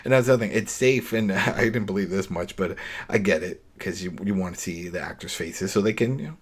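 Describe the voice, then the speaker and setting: Male podcast co-host, somewhat deep, lively and chatty, recaps with quick laughs. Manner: animated, laughing, retelling scenes with rhetorical questions. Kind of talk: casual episode recap chat.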